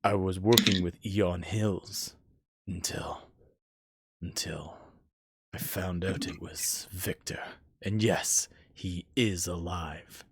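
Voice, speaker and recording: A man's voice: on the low side, measured pace, a bit bright. A man voicing the groaning, spiteful severed head of a slain man, brought back to speak in a tabletop game. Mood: secretive.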